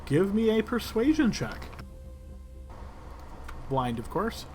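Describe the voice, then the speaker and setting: A man running a tabletop game as game master, narrating in a relaxed way with fillers. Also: high voice, slow, faint music behind. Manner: relaxed, describing actions with fillers.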